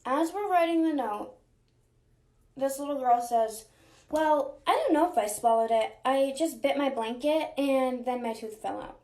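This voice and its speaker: A young woman, a mother, casually telling a family story and acting out the quoted lines in lively voices. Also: high voice, a little slow. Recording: echoey room.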